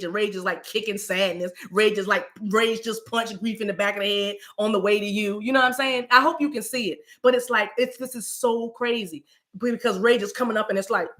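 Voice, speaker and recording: A middle-aged woman giving a live-streamed spiritual reading, rambling and colloquial, often saying y'all and "you know what I mean". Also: medium pitch. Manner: animated, breaks into voices and asides. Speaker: psychic reader.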